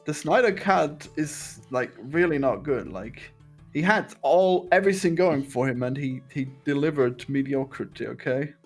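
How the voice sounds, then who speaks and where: A man's voice: on the high side, lively intonation, moderate pace. A man co-hosting a podcast in casual chat, blunt and opinionated, with faint music behind. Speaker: podcast co-host.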